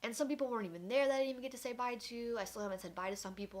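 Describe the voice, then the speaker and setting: A young woman vlogging a personal story, candid and animated, acting out the voices of people in it. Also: on the high side, very fast. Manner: candid, animated retelling that acts out quoted voices.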